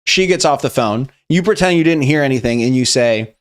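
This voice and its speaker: A man's voice: mid-range voice, expressive, a little fast. A young man hosting a meme review, talking in a casual, rambling, profane way. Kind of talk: casual commentary.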